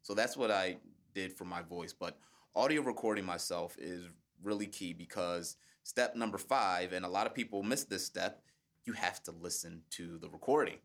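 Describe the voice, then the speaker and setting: A man with a deep bass voice, a guest on a podcast, explaining his public speaking method in a measured, friendly way. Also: fairly bright tone. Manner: measured, explanatory, laughs easily. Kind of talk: conversational podcast interview.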